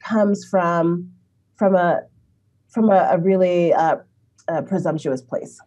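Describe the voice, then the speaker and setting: A woman speaking as an interview guest, talking in an animated way and laughing often. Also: takes it slowly, muffled recording. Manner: animated, acts out quoted people with big pitch jumps, laughs often. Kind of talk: conversational interview.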